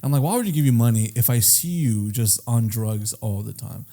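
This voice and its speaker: Male podcast co-host, casual, curses a lot, animated pitch, storyteller. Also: normal speed. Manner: rambling storyteller, swears often, acts out quoted friends. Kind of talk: casual chat.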